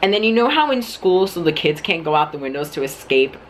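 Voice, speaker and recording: A man's voice: fairly high pitch, sing-song, a little fast, fairly bright tone, slight background noise. A young man telling a dramatic story-time vlog, cursing constantly and filling his talk with "like". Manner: profane, dramatic storyteller, heavy use of "like". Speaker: vlogger.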